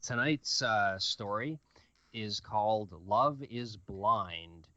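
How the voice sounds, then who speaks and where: A man's voice: on the low side, expressive, slow pace, sharp tone, dry recording. A man hosting a casual show and reading fan fiction aloud as narrator, with a few fillers, recorded dry and slightly dull. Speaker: host and narrator.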